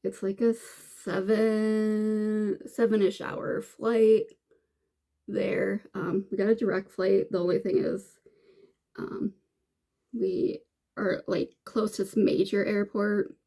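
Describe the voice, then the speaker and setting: A woman chats in a relaxed, rambling way as she does her makeup, stopping to restart her thoughts. Her voice is mellow and a little gravelly, with fry at the ends of phrases. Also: medium pitch, slow pace. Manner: rambling, chatty, many fillers and restarts. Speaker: beauty vlogger. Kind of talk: casual chat while doing makeup.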